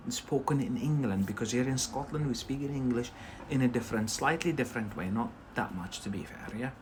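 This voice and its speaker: A man's voice: mid-range voice, fairly quick. Guy teaching english on a livestream, talky, keeps going "yeah?", bit of faint hiss. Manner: chatty, often checks in with a questioning "yeah?". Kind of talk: live-stream English lesson. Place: in Scotland.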